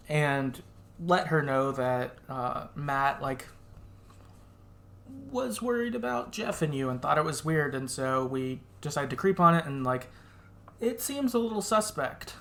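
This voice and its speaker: A man's voice: a little high, expressive, takes it slowly, creaky, pauses often, fairly bright tone. A man co-hosting a podcast, chatting casually and laughing often as he recaps a game and acts out its quoted lines. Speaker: podcast co-host.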